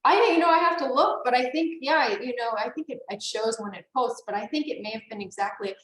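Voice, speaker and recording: A woman's voice: a little high, brisk, fairly bright tone. A woman in her forties, an author and guest, chatting enthusiastically in an interview and laughing often. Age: 40s. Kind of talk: casual interview chat. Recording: roomy echo.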